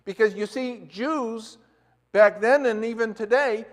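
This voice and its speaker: In a church, a pastor with a very high-pitched voice preaches unhurriedly, speaking conversationally and putting questions to the congregation. The recording carries the echo of a church hall.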